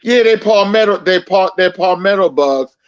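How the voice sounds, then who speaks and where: Muffled relaxed man chatting on a call. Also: sits high, normal speed. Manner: relaxed, explaining with repeats. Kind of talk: casual chat.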